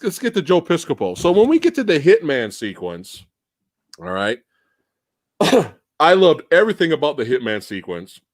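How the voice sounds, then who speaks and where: A high-voiced man chats about a film on a live stream, his pitch leaping all over as he acts out scenes and yells the lines. The sound is close and dry, with no room around it. He swears freely and laughs through his retellings. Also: no room sound. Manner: animated, swearing, acts out scenes with shouted quotes. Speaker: podcast host. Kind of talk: casual movie review chat.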